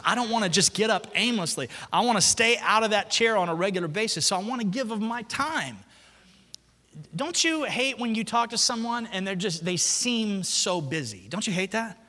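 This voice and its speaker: A man preaching a sermon, his voice high and ringing. He tells stories and acts out the quotes with lively energy. The sound carries a long reverb from a large church hall. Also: measured pace. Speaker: pastor.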